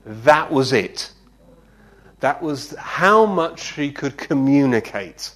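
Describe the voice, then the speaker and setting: Animated, unhurried preacher man. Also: medium pitch. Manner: animated storyteller, often checking in with "yeah?". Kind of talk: conversational sermon with anecdotes.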